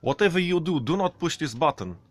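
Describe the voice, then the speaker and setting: A man voicing an excitable Russian male flight instructor with a loud, commanding manner and broken English. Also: fairly high pitch, fairly quick, no room sound, pitched above the performer's own voice.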